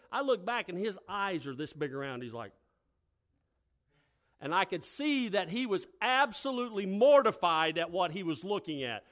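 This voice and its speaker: An older man who is a pastor, telling folksy stories that build into loud, emphatic preaching. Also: high voice. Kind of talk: sermon with storytelling.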